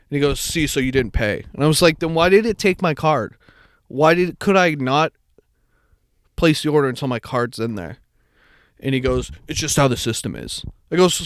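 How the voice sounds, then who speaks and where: A man's voice: medium pitch, dry recording, clean studio sound. A young man co-hosting a podcast, telling a long story in casual chat, swearing and acting out the people in it. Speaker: podcast co-host.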